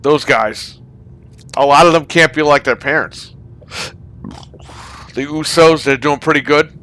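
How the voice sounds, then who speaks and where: Profane, bright-voiced man ranting. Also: on the high side, unhurried. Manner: profane, ranting about wrestling. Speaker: podcast host. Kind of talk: casual gaming party chat.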